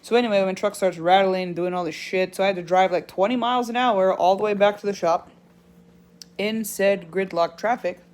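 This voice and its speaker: A blunt woman trucker ranting through a story in a casual vlog. Her voice sits at a middling pitch and she swears freely. She talks with animated, exasperated energy. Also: brisk. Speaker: truck driver.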